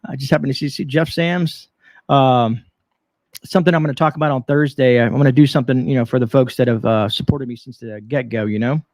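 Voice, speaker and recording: A man's voice: medium pitch, brisk, darkish tone, no echo. A man from Canada hosting a live stream, reading out viewer names from chat in a friendly way. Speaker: host.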